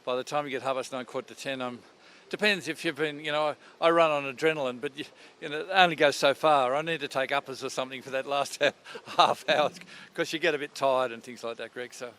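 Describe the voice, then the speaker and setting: A man's voice: mid-range voice, fairly even intonation, quick pace, pushed and bright, slight background noise. An older Australian man, a radio presenter, chatting in a rambling, storytelling way, interviewed outdoors at a racetrack. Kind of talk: casual interview chat.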